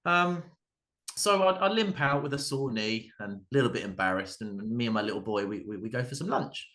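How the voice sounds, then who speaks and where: Bright-voiced stand-up in his thirties. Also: medium pitch, expressive, brisk. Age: 30s. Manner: hesitant, many ums and restarts. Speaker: stand-up comedian. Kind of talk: stand-up routine at an open mic.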